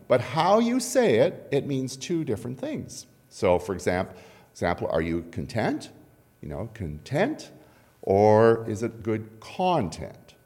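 A man preaches a sermon in a conversational way, his pitch leaping high and dropping low all through. The voice rings out with a long reverb off the church walls. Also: darkish tone. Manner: conversational, asks "right?" and "okay?" often. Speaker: pastor.

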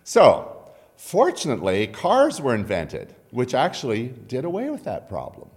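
Man preaching with a very lively voice. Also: medium pitch, measured pace. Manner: conversational, asks "right?" and "okay?" often. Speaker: pastor. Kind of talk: sermon. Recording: long hall reverb.

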